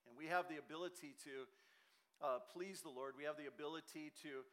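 A man's voice: on the high side, a little fast, a bit bright. A man preaching a Sunday morning sermon in a church, earnest and conversational, often restarting his phrases. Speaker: pastor. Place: church sanctuary with a ringing sound system.

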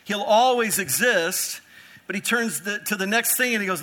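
A man's voice: high-pitched, expressive, normal speed, bright, forceful tone. A man preaching an earnest expository sermon as pastor, asking rhetorical questions and repeating phrases for emphasis.

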